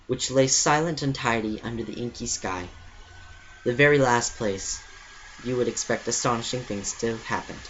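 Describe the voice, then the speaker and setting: A man giving an earnest, steady amateur storybook reading, stumbling now and then. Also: mid-range voice, dull audio, slight background noise. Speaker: reader.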